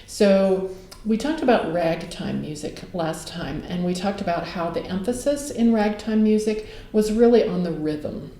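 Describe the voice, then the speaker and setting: A woman giving a casual video lecture from her home music room, relaxed and dotted with ums and uhs. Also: mid-range voice, a little slow. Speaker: teacher. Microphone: camera mic. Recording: roomy echo of a home room.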